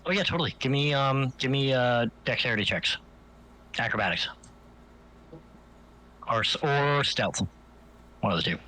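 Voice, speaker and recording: A man's voice: medium pitch, normal speed, pauses often, low-quality recording. A man running a tabletop game, narrating casually with many fillers. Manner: relaxed, filler-heavy, improvising. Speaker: game master.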